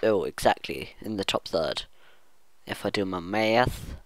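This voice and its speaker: Guy rambling thru a let's play, talks real slow, dry close sound. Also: fairly low pitch, lively intonation, dry recording. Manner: rambling self-talk, hums and muses aloud. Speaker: gaming channel host.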